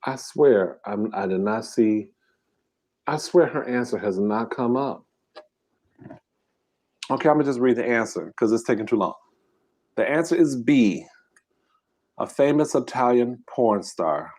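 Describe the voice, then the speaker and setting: A man's voice: mid-range voice, animated, measured pace, long pauses, darkish tone. Casual man hosting a live trivia game. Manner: reads quiz questions aloud and banters with chat, casual slangy talk. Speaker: mukbang host running a live trivia game. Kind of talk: casual live-stream chat.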